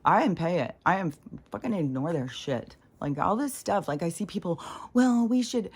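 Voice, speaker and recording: A woman's voice: fairly low pitch, expressive, normal speed, slightly rough. A woman talking straight to camera in a rambling, indignant rant, swearing heavily as she tells a story. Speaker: spiritual vlogger. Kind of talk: casual ranting monologue.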